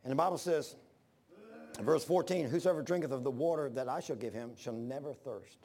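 A man preaching a sermon, telling stories with animated bursts of shouting. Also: mid-range voice, a little fast.

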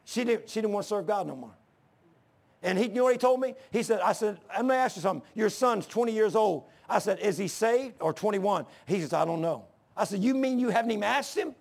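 An older man preaching a sermon, swinging from shouting to hushed storytelling, with a gravelly, husky voice. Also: high voice, animated, brisk. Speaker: pastor.

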